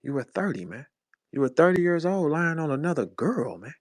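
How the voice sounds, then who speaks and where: Heated, animated man in his forties. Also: on the high side, a little fast, dry recording, clean studio sound. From St. Louis, USA. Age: 40s. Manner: confrontational, profane, animated. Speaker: rapper. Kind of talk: heated rant in an audio chat room. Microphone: phone in an online audio room.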